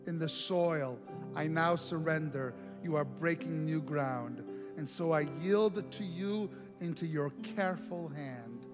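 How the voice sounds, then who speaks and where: A middle-aged male pastor telling a lively personal story in a sermon, acting out the other voices in it. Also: fairly high pitch, takes it slowly. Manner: animated storytelling with quoted voices. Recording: long reverb, faint music.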